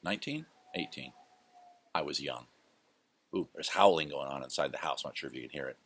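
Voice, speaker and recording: A man's voice: a bass voice, fairly quick, a bit bright, breathy edge, no echo. A man hosting his own show, casually telling rambling, self-correcting stories from his past. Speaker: host. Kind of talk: casual storytelling monologue.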